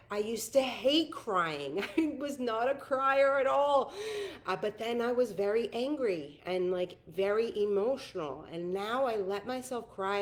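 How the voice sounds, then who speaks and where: A woman in her thirties hosting a casual coaching call, earnest and emphatic, laughing often. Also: medium pitch. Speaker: host, spiritual coach.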